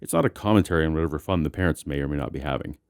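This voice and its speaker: A man giving calm explanatory commentary in a reaction video. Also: rumbling low, racing, gravelly, clear, resonant tone, no echo, clean studio sound.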